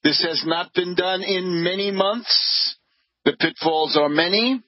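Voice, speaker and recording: Slow husky guy doing political radio talk, highish voice, dull lo-fi sound. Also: no room sound. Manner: deliberate, scornful, measured delivery with frequent pauses. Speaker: radio host. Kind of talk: political commentary monologue.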